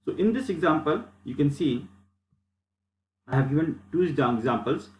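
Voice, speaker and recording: A man gives a slide lecture in a fairly high voice. He works through each step patiently and repeats the rules as he goes. The recording carries a clear echo from the room. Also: expressive, normal speed, a little mellow. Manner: step-by-step explaining, repeats phrases.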